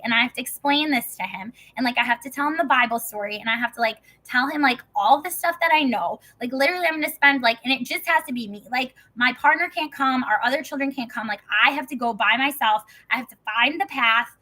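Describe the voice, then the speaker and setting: High, bright-voiced woman telling a story. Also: fast talker, hardly any pauses, rough recording. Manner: rambling, heavy use of "like", swearing. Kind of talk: casual storytelling.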